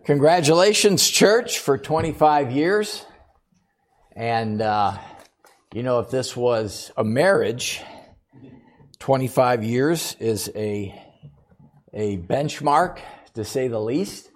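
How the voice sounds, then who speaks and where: A man's voice: mid-range voice, slow pace, pauses often. An older man, a guest preacher in a church, opening his sermon with chatty, folksy jokes and laughing at his own punchlines. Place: church sanctuary.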